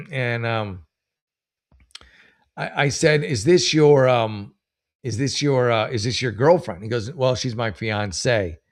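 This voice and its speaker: A man hosting a casual comedic commentary show, rambling and self-mocking, with many restarts and drawn-out punchlines. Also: mid-range voice. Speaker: host.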